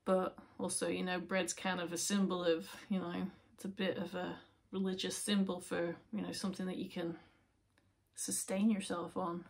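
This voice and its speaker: A woman giving a casual, chatty tarot reading, with many fillers and soft, near-whispered asides. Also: mid-range voice, a little hiss or hum. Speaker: tarot reader.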